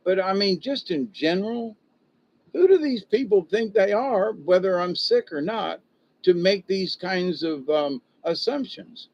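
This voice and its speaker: A man's voice: high voice, lively intonation, unhurried, lo-fi sound. An older man venting and rambling on a casual livestream, stopping to greet viewers and read their comments. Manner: frustrated, rambling, self-interrupting.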